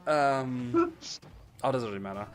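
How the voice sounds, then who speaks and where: A man's voice: mid-range voice, huge pitch swings, a little slow. A man with an Australian accent hosting a casual podcast chat, rambling and playful and laughing often. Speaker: podcast host.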